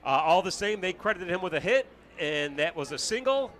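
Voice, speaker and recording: A man's voice: high-pitched, expressive, a little fast, a bit bright. A man giving color commentary at a baseball game, conversational and explaining the plays.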